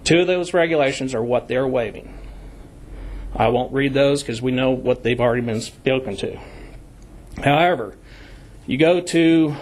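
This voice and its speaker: At a county commission meeting, a man with a medium-pitched voice speaks as a member of the public. He reads code sections out deliberately, stressing key words.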